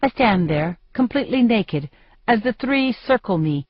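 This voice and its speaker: A woman narrating an audiobook in first person, with measured, steady storytelling. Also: fairly high pitch, no room sound. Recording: dry, dull muffled recording.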